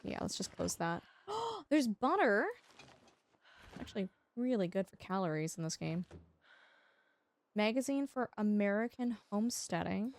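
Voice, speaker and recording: A woman livestreaming a game, chatting casually and teasingly with her viewers, with quiet music behind her. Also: mid-range voice, moderate pace, gravelly. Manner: chatty, animated, teasing, talks to chat. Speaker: streamer. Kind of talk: casual livestream chat while gaming.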